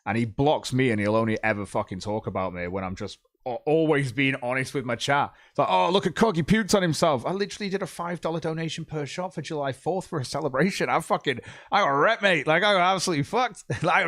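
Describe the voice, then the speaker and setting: A man's voice: a little high, fast, few pauses, fairly bright tone, no room sound, studio quality. A man streaming live, chatting casually in a rambling way with a lot of swearing and stumbling. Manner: rambling, profane, hesitant.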